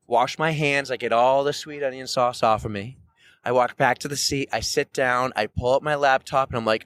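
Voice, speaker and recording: A man from New Hampshire, a podcast co-host telling a story in casual chat, loud and animated, acting out quoted voices. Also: medium pitch, moderate pace, clean tone, no echo. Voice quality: loud, carrying voice.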